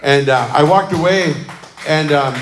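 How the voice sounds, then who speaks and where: A pastor with a slightly high voice speaks a little slowly, telling his congregation casual, warm stories and often adding "um" and "amen." The livestream from the church sanctuary sounds roomy, with slight background noise.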